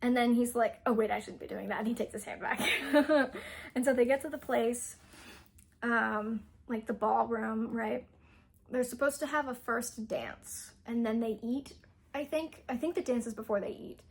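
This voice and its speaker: A young woman chats her way through a novel's story as a book reviewer, wandering from point to point with constant fillers and easy giggles. Her voice sits a little high and has a soft, breathy grain. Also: unhurried. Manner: rambling, full of "like" and "um" fillers, giggly. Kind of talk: casual plot retelling.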